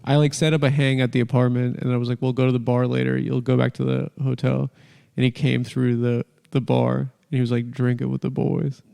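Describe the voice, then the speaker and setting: A man's voice: mid-range voice, completely flat delivery, brisk, gravelly, warm tone, clear, resonant tone, big-room sound. A man hosting a casual comedy podcast, telling a rambling, self-interrupting story. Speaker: show host.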